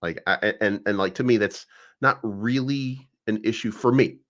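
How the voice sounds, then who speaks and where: Blunt, profane man, lowish voice. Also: normal speed, a bit bright, dull audio. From Kentucky, USA. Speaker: guest. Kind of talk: casual debate chat.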